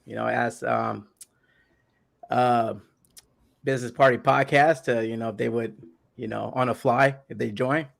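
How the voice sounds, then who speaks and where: A man hosting a casual podcast, talking hesitantly with many pauses and fillers. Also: mid-range voice, steady tone, creaky. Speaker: podcast host.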